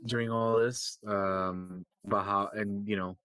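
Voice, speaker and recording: A man's voice: on the low side, fairly even intonation, measured pace, pushed and bright, smooth, dry recording. A man co-hosting a podcast, casually recapping comics with lots of fillers and swearing, acting out quoted lines. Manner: rambling, profane, many fillers, acts out quotes. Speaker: podcast co-host.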